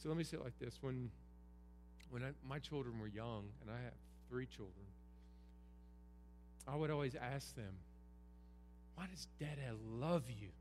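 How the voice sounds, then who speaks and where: This middle-aged pastor preaches his Christmas Eve sermon earnestly, hammering points home through repetition, at normal speed with long pauses. His voice is mid-range and a little mellow. Captured in a church sanctuary, the audio has roomy hall reverb and a faint hum.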